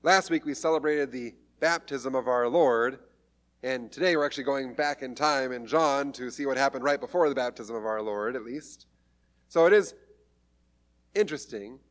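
A man's voice: mid-range voice, moderate pace. A man preaching a sermon, retelling a story in a conversational way with light humor. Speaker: pastor.

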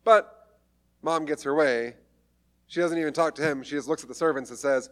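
A man's voice: mid-range voice, normal speed, pauses often, a bit bright. A man preaching a sermon, retelling a story in a conversational way with light humor. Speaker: pastor.

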